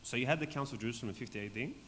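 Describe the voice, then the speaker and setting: Hoarse man leading a church Bible study. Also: mid-range voice, rapid-fire, fairly bright tone. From Australia. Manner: conversational, keeps asking "right?". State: voice going hoarse, clearing throat. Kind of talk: Bible study teaching to a group. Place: church hall with a group. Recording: long hall reverb, faint background noise.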